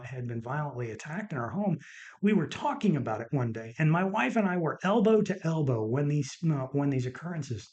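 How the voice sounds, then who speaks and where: A man's voice: a little high, a little mellow, highs cut off. A middle-aged man, a doctor hosting his own podcast, tells stories in an earnest, casual monologue and repeats words for emphasis.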